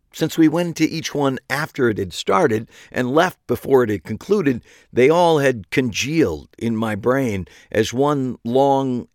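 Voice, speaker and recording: A man's voice: on the low side, no echo. A man narrating a first-person story in a dry, wry way.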